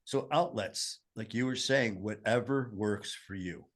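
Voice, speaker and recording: A man's voice: lowish voice, unhurried. A man with a Michigan accent telling his recovery story in casual conversation, earnest and meandering with many fillers.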